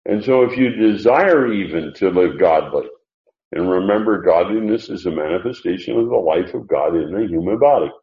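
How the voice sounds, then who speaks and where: A man teaching a verse-by-verse Bible sermon as pastor, slow and deliberate, lifting his voice on quoted words, with frequent fillers and self-corrections. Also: low-pitched, expressive, reverberant, highs cut off.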